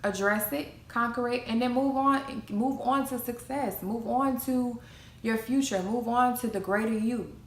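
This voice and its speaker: Speaking unhurriedly in a slightly high voice, a young adult motivational vlogger delivers an emphatic talk about self-esteem. Like a preacher, she repeats her key phrases, and the echoey room carries faint noise.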